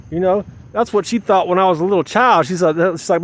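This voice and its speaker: This man talks fast with few pauses, his high-pitched voice animated. In a mother persona, he addresses the camera outdoors at dusk while setting up solar gear. He rambles to himself, repeating phrases, moving from muttering to agitated outbursts.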